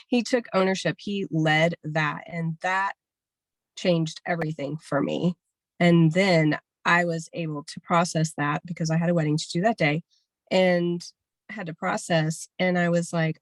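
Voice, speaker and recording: A woman with a fairly low voice tells a frank personal story over a video call. The sound is dry and close, without room echo, and her telling is chatty and open. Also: normal speed. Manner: candid, storytelling, laughs often. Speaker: workshop participant.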